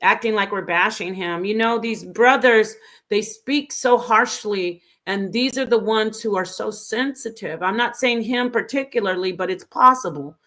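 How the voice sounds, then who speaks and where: A woman's voice: medium pitch, normal speed, pushed and bright. Earnest woman host giving critical commentary. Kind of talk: casual commentary.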